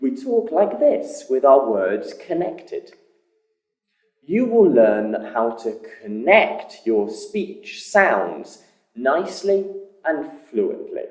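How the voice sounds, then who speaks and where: A man teaching pronunciation in a scripted lesson, speaking slowly and stressing his words with care. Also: mid-range voice, a little mellow. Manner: slow, deliberate delivery with careful emphasis. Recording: roomy echo.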